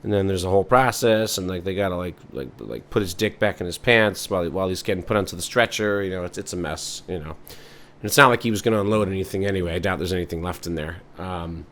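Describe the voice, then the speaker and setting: A man hosts a podcast with a rather low voice, musing out loud in an improvised comic monologue. He rambles and meanders, deadpan and full of fillers. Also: fast. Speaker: podcast host.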